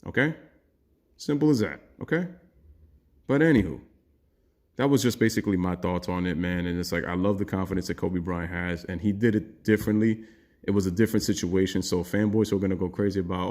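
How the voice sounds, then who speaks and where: A man's voice: deep voice, brisk, darkish tone. A man giving a heated, opinionated sports rant as a commentary YouTuber, blunt and swearing freely.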